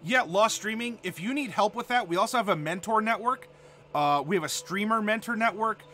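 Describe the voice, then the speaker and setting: A man's voice: high-pitched, a little fast, bright, forceful tone, a little hiss or hum. A man from Ohio hosting a live stream, chatting casually and answering chat with many fillers. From Ohio, USA. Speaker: streamer host.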